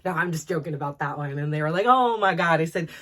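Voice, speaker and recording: A woman's voice: sits low, steady tone. Chatty Californian Valley-girl woman. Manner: chatty, peppered with "like", quick laughs. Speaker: podcast host. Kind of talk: casual storytelling monologue.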